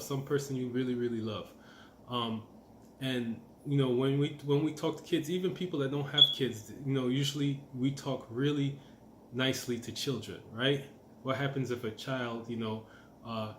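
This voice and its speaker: A man's voice: mid-range voice, roomy sound, a little hiss or hum. A middle-aged man giving a casual, encouraging self-help talk as a manifestation coach, repeating his points and using lots of fillers.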